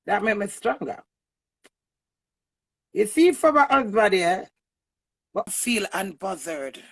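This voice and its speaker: Gravelly Jamaican woman ranting. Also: animated, slow. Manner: emphatic, heated, swings between loud bursts and low mutters. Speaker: online personality. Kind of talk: livestream rant to viewers.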